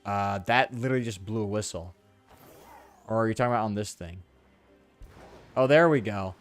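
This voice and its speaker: A young man streaming a game, joking loudly with chat and reading in-game text aloud. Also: on the low side, moderate pace, faint music behind. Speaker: gaming streamer. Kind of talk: casual let's-play commentary.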